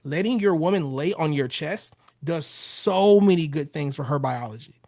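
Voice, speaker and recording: A man's voice: a little high, expressive, moderate pace, a little mellow, dry recording. Blunt millennial man coaching on marriage. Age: 30s. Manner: blunt, casual, swears freely, direct. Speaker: relationship coach. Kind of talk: podcast interview advice.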